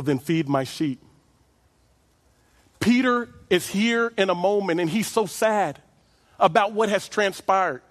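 A man preaching a sermon as pastor, animated and lively, stretching out his phrases and chuckling as he goes. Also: high-pitched. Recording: long hall reverb.

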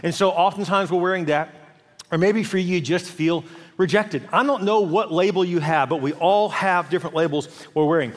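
High-voiced man preaching in a reverberant hall. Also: normal speed. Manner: animated preaching with acted-out inner voices. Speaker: senior pastor. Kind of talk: sermon. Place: large church hall.

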